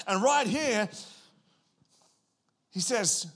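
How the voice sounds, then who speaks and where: A man delivering a sermon in a high, light voice. He is animated and expressive, jumping from hushed, low asides to loud, excited outbursts as he acts out what people say. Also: unhurried. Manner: animated, acts out quotes with big pitch swings. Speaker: pastor.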